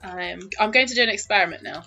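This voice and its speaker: A woman's voice: mid-range voice, expressive, quick pace, vocal fry, music in the background. A woman narrating as dungeon master of a tabletop game, laughing often as she talks.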